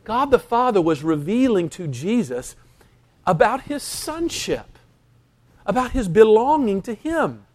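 This high-voiced man is a pastor preaching with animated emphasis; he lets dramatic pauses stretch out and performs quoted lines as he goes.

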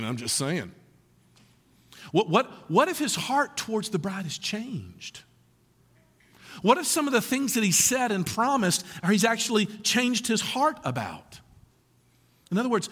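A man preaching a sermon in a high, lively voice that climbs and dips a great deal. He talks to the congregation in a conversational way and keeps asking them questions. The sound rings with the long reverb of a church hall. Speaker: pastor.

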